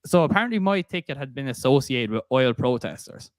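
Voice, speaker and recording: Chatty Irish man, smooth dry voice. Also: medium pitch, animated, brisk, no echo. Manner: chatty, laughs while telling stories. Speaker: podcast host. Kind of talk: casual podcast chat, storytelling.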